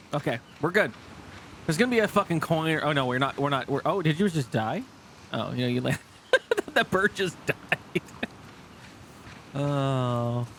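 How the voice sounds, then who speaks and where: A man doing casual gameplay commentary as a streamer, animated, swearing often and thinking aloud. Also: mid-range voice, a little hiss or hum.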